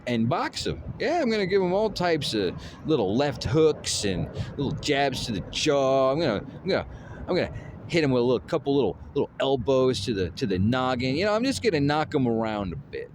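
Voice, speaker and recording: A man rambles boastful, playfully taunting trash talk into his phone, his voice swinging widely up and down in pitch. His pitch sits in a middle register for a man. Faint vehicle noise hums underneath. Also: big pitch swings, fairly quick. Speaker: vlogger.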